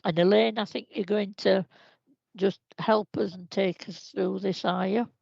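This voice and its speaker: Female meeting chair, warm and effusive; heavy vocal fry, dead-dry room. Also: medium pitch, steady tone, unhurried, no echo. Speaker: chair of a council board. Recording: slightly muffled livestream audio.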